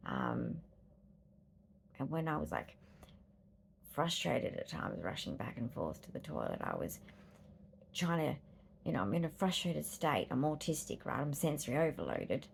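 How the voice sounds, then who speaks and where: A woman's voice: very deep voice, wildly swooping pitch, a little slow, gravelly, pauses often, a little hiss or hum. A woman with an Australian accent talking in a rambling, philosophical, emphatic way in a personal vlog, weary after a hard night. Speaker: vlogger.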